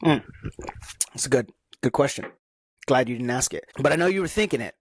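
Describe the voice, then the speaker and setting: A man's voice: medium pitch, lively intonation, brisk, slight background noise. A young man hosting a casual solo podcast, talking frankly and reflectively with lots of fillers and restarts. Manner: rambling, frank, self-reflective with many fillers. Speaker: podcast host.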